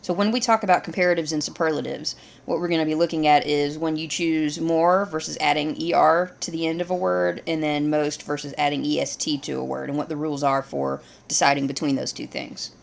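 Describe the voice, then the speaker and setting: Woman, low gravelly voice, patient grammar teacher walking through examples. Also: brisk. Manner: steady, explains step by step. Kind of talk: grammar lesson.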